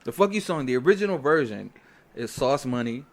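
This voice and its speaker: Animated man telling studio stories. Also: mid-range voice, a little fast. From New York. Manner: animated storyteller, acts out quoted voices, swears freely. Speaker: guest, record producer. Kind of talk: casual storytelling interview.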